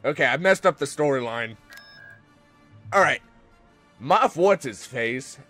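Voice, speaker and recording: A man's voice: mid-range voice, fairly bright tone, no echo. Self-mocking man narrating his game. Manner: self-mocking, laughs at his own mistakes. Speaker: let's-play host. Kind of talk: casual role-play commentary over gameplay.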